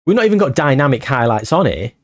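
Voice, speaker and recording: A man commentating his football management game as he plays, anxious and short of breath, bursting into excited shouts at near misses. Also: medium pitch, fast, no echo, studio quality. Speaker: gaming YouTuber.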